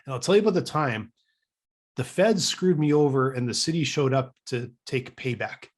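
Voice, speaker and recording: A Canadian man co-hosting a podcast tells a story casually in a mid-range voice at a moderate pace. He's an animated storyteller who acts out the quoted dialogue, restarting often and stammering through repeats.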